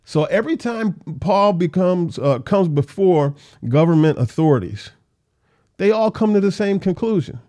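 Guy doing a chill bible study, mellow voice kinda high, talks it through loose with restarts. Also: lively intonation, moderate pace. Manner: conversational, explains verses with restarts and light laughs. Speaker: Bible teacher. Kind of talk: casual Bible study teaching.

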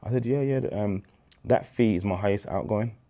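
A man in his thirties with a very low, deep voice. He tells his faith story as an interview guest, in street slang, and acts out the dialogue. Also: fairly quick, dark tone. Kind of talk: candid faith testimony.

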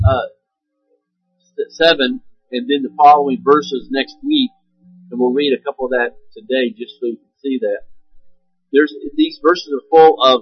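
A man's voice: medium pitch, lo-fi sound. A man preaching a sermon, explaining scripture in an earnest way with fillers and restarts. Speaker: pastor.

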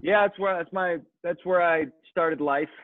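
A man's voice: sits high, steady tone, normal speed, no room sound. Comedian guest from Wyoming, man, playful banter over a thin lo-fi call line. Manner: joking, slips into put-on voices. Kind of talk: casual chat. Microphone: video call. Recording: tinny phone-like line.

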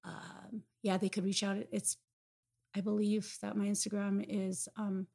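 A woman's voice: medium pitch, flat delivery, unhurried, gravelly, mellow. A woman guest on a recovery podcast, speaking openly and enthusiastically with frequent hesitations. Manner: open, enthusiastic, hesitant with fillers. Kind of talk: casual interview chat.

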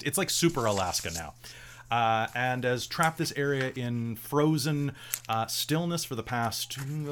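A chatty man hosting a tabletop game as game master. His voice swings widely in pitch, animated and lively, breaking into laughs between introductions. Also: slight background noise.

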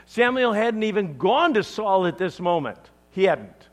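Male pastor, sermon delivery, high voice that swings widely, emphatic. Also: measured pace, few pauses. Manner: expressive, dramatic, emphatic.

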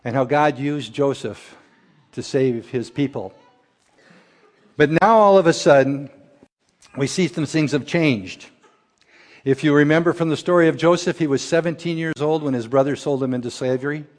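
A middle-aged male pastor giving a Sunday sermon. He talks in a folksy, storytelling way, his voice sitting a little high for a man. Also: normal speed, pauses often. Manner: folksy storyteller, acts out characters in a joke. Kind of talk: sermon with a told joke.

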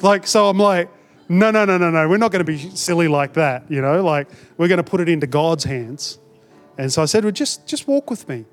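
A man's voice: a little high, a little fast, soft background music. A man preaching a sermon, who tells a story in an earnest, conversational way and acts out the dialogue. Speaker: pastor.

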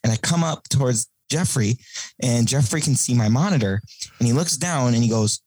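A man chats as a podcast guest, spinning stories and acting out the lines people said. He laughs often. His voice sits at an ordinary pitch and sounds dry and close. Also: lively intonation, fairly quick, a little mellow, no echo, poor audio. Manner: laughing storyteller, acts out quotes. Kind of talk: casual chat.

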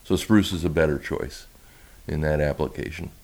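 A man who makes violins gives a relaxed, rambling talk over slides, with many restarts. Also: a bass voice, normal speed. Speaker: violin maker giving a talk.

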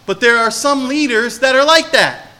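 A man from New Jersey preaching a sermon as pastor, telling animated stories and putting questions to the congregation. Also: very high-pitched, moderate pace.

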